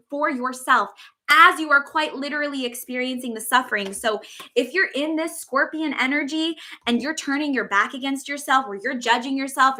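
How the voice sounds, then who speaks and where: A woman's voice: high-pitched, sharp tone. A woman hosting a spiritual podcast, teaching in an effusive, casual way, swearing freely and stretching out words for emphasis.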